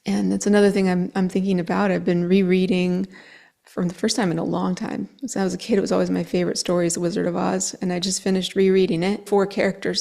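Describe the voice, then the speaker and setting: A woman astrologer speaking to her viewers in an earnest, emotional monologue that sometimes drops to a soft whisper. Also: fairly low pitch, flat delivery, quick pace, gravelly. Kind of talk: reflective monologue to camera.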